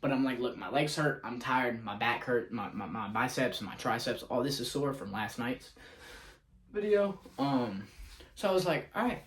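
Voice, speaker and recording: A man's voice: medium pitch, expressive, moderate pace, fairly bright tone. Young male vlogger, loose and scatterbrained, chatty day recap. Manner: scatterbrained, quotes himself and others in conversation. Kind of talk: casual rambling vlog. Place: in a car.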